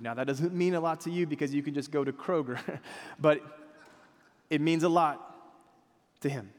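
A man's voice: on the high side, moderate pace, long pauses. A man pastor preaching a conversational sermon, drawing the congregation into responses and reading scripture aloud with them. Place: church sanctuary. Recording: long hall reverb.

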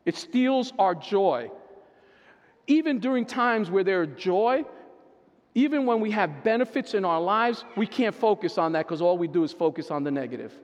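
A man's voice: high voice, lively intonation, normal speed, lo-fi sound. A man, a pastor and therapist, preaching a sermon in a conversational way, often checking in with the listeners. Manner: conversational preaching, keeps asking "right?". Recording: long reverb of a large hall.

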